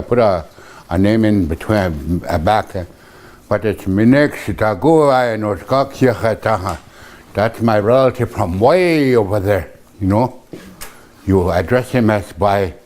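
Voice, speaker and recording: Slow, halting older male teacher. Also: lowish voice, darkish tone. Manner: hesitant, many fillers, repeats words slowly. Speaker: language teacher. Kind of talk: teaching vocabulary, casual and halting.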